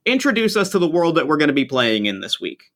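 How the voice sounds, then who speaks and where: A man's voice: fairly high pitch, big pitch swings, quick pace, a bit bright. A man hosting a podcast, chatting eagerly and enthusiastically with his guest. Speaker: podcast host. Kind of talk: casual interview chat.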